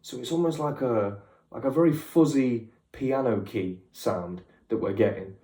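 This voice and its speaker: A young British man doing a casual, excitable music reaction, chatty and slangy, with the odd swear. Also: mid-range voice, normal speed, roomy sound. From United Kingdom.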